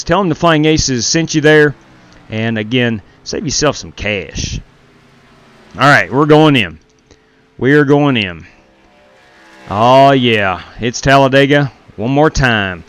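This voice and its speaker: A man hosting a sim racing live stream through a gaming headset, chatting casually with viewers while running the race lobby. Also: mid-range voice.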